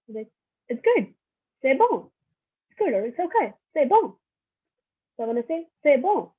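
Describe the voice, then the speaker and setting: A young woman teaches a relaxed online lesson, chatting loosely and repeating each phrase so learners can follow. Her voice sits a little high and sounds slightly husky. The audio is thin and narrow, like a phone line. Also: a little fast. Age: young adult. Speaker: French workshop teacher. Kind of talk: casual online language lesson.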